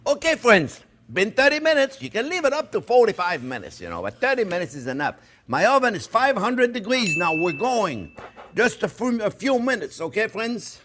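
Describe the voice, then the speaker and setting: A man's voice: high voice, normal speed, slight background noise. A man hosting a cooking show, chatting through a cooking demonstration while he works and often calling the viewers friends. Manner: lively, talks while working with his hands.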